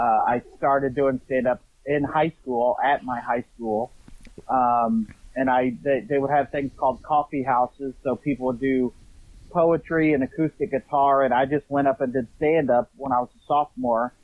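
A man from Indianapolis with a Central Indiana accent, a comedian guest talking in a relaxed, self-deprecating way. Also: medium pitch, dry recording. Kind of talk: casual interview chat. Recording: tinny phone line.

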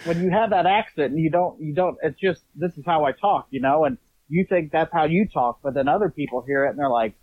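A man from Indianapolis with a Central Indiana accent, a comedian guest talking in a relaxed, self-deprecating way. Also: a little high, a little fast, no room sound. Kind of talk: casual interview chat. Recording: tinny phone line.

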